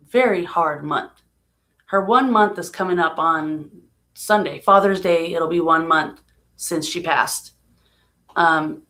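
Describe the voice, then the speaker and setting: On a home live stream, a woman vlogger with a medium-pitched voice speaks casually and softly about a painful loss. She is emotional, sometimes laughing through the sadness.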